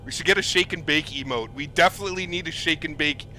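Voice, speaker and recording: A man's voice: on the high side, fast, sharp tone, slight background noise. A young man streaming a flight simulator, chatting upbeat and thanking donors over and over. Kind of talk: live gameplay commentary.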